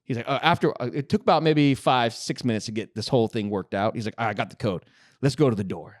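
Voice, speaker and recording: A man's voice: mid-range voice, fast talker, no room sound, studio quality. A man hosting a podcast, telling a work story casually, swearing and acting out the other people's lines. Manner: animated, swearing, acts out dialogue. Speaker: podcast host.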